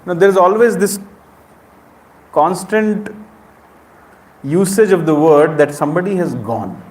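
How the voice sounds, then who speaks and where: Speaking a little slowly in a high, slightly mellow voice, a middle-aged man with an Indian accent leads an interactive spiritual lecture. He questions the temple-hall audience directly, and the hall sounds echoey.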